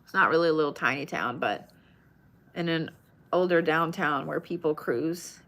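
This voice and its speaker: A chatty woman leads a live card reading stream. Her voice sits a little low, and she talks to each viewer by name in a casual, easygoing way. She drifts between guidance and small asides. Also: normal speed, fairly bright tone. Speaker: tarot card reader.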